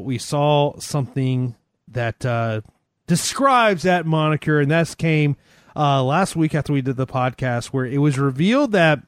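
A man's voice: on the high side, no room sound, studio quality. Laughing podcast co-host man. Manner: laughs often, reads press release aloud. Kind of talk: casual podcast chat.

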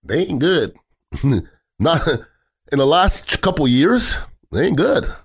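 A man's voice: fairly high pitch, expressive, takes it slowly, slightly rough. A middle-aged man giving a blunt, heated sports talk rant on football, swearing freely and repeating himself as he drives his points home.

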